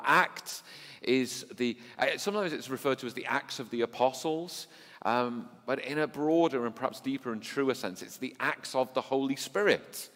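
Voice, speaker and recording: A man preaching a sermon to his congregation, animated and teasing, swinging between quiet remarks and loud exclamations. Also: mid-range voice. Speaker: pastor. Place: church hall with long reverb. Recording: long hall reverb.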